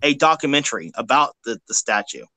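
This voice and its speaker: Bright, blunt Southern man. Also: medium pitch, fairly quick, no echo. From Kentucky, US South. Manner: blunt, profane, laughs loudly, stammers with repeated words. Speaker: live stream co-host. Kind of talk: casual live-stream chat.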